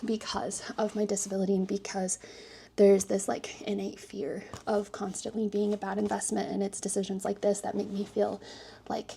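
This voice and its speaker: Young woman vlogging, out of breath, lots of vocal fry, goes almost whispery sometimes, earnest. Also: medium pitch, flat delivery, normal speed, mellow, slight background noise. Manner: earnest, dropping to a breathy near-whisper at times. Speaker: PhD student and disability advocate. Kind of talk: personal vlog talk to camera.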